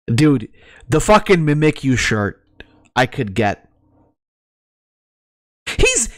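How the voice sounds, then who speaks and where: A man's voice: fairly high pitch, fairly bright tone, no room sound, clean studio sound. A male streamer reacting to a video, ranting profanely and laughing often.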